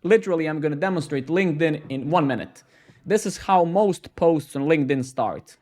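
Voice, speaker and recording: A man's voice: on the high side, expressive, moderate pace, darkish tone. A man hosting a live coding stream, talking casually in a rambling, sarcastic and profane way with lots of self-mockery.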